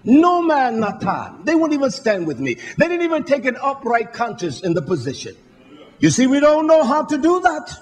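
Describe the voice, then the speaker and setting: A man preaching a sermon, fervent and blunt, swinging from quiet asides to shouted peaks. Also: very high voice, huge pitch swings, normal speed.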